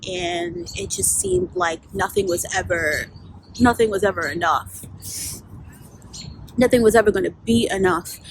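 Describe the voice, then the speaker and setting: A woman's voice: medium pitch, vocal fry, background noise. A woman vlogging outdoors, telling a candid, profane story in a casual storytime style full of fillers. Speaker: vlogger and life coach.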